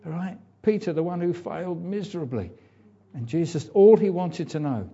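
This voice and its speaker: Male preacher, mellow mid voice, chatty sermon delivery, muffled lo-fi capture. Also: a little high, animated, normal speed, breathy edge. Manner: conversational preaching with fillers and asides.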